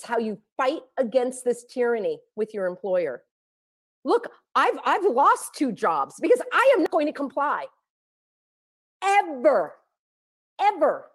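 A woman speaking straight to her viewers, out of breath, firing rhetorical questions that build to near-shouting. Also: sits high. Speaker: activist vlogger. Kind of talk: impassioned direct-to-camera monologue.

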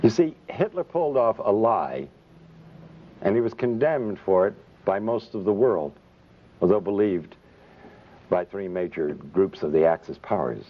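A man's voice: on the low side, lively intonation, measured pace, long pauses. A man, a physician, giving an impassioned public speech full of indignant rhetorical questions and sarcasm. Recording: dull lo-fi recording.

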